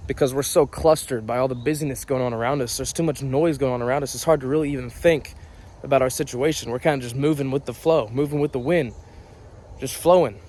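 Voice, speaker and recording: A man's voice: mid-range voice, a little mellow. A man in his twenties giving an earnest, casual motivational talk outdoors, often repeating and rephrasing his points. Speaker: vlogger. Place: outdoors on a property on a rainy day.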